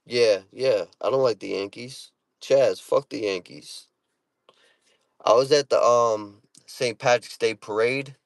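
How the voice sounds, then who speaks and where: Creaky and slow, a medium-pitched man's voice comes from a Boston-area vlogger in a parked car, with no echo. Speaking with a Boston accent to camera, he's casual, brash and profane, using street slang and repeating "you know what I'm saying."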